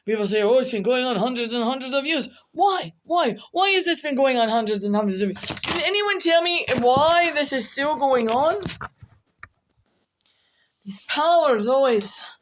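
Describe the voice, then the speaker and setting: A woman's voice: high voice, animated, moderate pace, slight background noise. A woman vlogger rambling through casual commentary, repeating herself and muttering asides as she goes.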